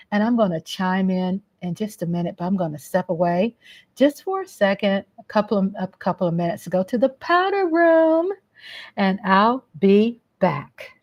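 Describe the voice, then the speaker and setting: A woman's voice: mid-range voice, lo-fi sound. A woman hosting a casual home livestream, chatting in a rambling way. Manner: chatty, rambling, coos baby talk to her cat. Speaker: livestream host.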